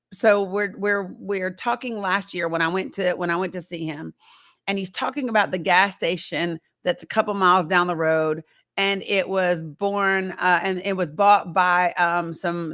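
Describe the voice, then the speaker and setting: A woman's voice: lowish voice, a bit bright. Chatty woman telling a story to her viewers. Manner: chatty, conversational, addresses the audience directly. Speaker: livestream host. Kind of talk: casual storytelling to a live chat.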